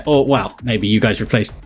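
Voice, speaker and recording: Brief: British YouTuber, casual and rambling, explains slang with frequent chuckles and restarts, faint music underneath. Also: male voice, on the low side, unhurried. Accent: British English. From Britain. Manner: rambling, chuckling, self-correcting. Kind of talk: casual reaction commentary.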